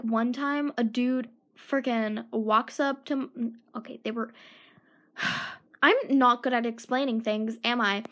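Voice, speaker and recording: A teenage girl talking casually in a solo podcast, chatty and self-mocking, turning indignant when riled up. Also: on the high side.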